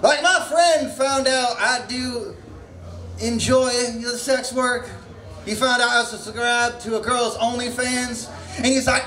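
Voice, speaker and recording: A man doing a loud, crude stand-up set at an open mic, shouting his punchlines. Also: extremely high pitch, fairly even intonation, a little slow. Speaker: comedian. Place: comedy venue stage. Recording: roomy echo of a small venue.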